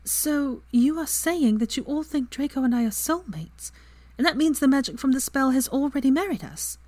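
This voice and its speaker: A woman's voice: high voice, expressive, moderate pace, a little mellow, no echo, pitched above the performer's own voice. A woman voicing a bookish, stubborn young witch in a story reading. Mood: indignant.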